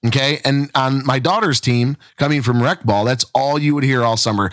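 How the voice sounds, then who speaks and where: A man on a coaching podcast speaks emphatically, often pleading with parents and coaches. His voice sits at a middle pitch. The recording is dry and close, with no room sound. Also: brisk, few pauses, fairly bright tone, no room sound. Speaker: podcast co-host, softball coach. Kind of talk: casual podcast chat.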